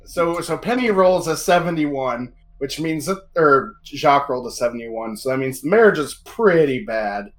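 A man's voice: fairly high pitch, animated, normal speed, few pauses. A man running a tabletop game as game master, wry and laughing as he reads out dice rolls.

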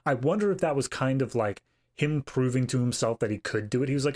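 A man's voice: medium pitch, animated, fast talker, darkish tone. A man co-hosting a film podcast, talking casually with dry humour. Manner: wry, dry jokes. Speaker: podcast co-host. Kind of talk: casual film review chat.

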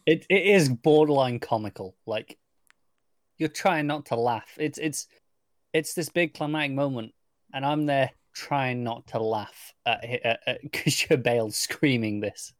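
A man's voice: medium pitch, measured pace, dry recording, studio quality. A man casually discussing a film with a friend, agreeable and wry, stammering a little when he restarts. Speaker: podcast co-host.

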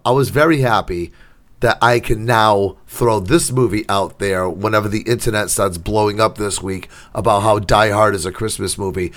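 A man co-hosting a casual podcast, retelling a film plot with sarcastic asides and quick acted-out quotes. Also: fairly low pitch, fairly bright tone. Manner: sarcastic storytelling, acts out quotes. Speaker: podcast co-host. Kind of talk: casual chat.

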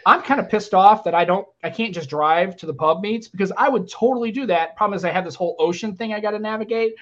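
An American man hosting a podcast, chatting casually and rambling with lots of restarts, often trailing off softly at the ends of phrases. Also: high voice, fast talker, highs cut off. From United States. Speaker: podcast host.

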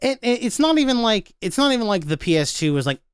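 Casual podcast co-host, male, smooth clean voice, dry close mic, rambling and jokey. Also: high voice, sing-song, fast, no room sound. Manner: rambling, self-correcting, joking. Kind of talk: casual game review chat.

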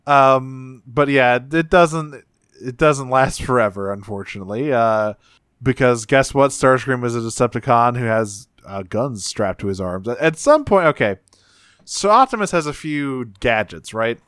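Man, casual chat, smooth voice, dry close sound, rambling and profane. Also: mid-range voice, a bit bright, dry recording. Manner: rambling, profane, retells scenes with quick voices. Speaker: podcast co-host recapping a cartoon episode.

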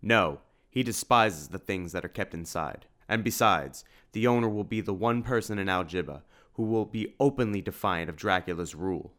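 A man's voice: deep voice, normal speed, few pauses, fairly bright tone. Courtly hero vampire hunter, voiced by a man; formal, urgent. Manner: formal, old-fashioned.

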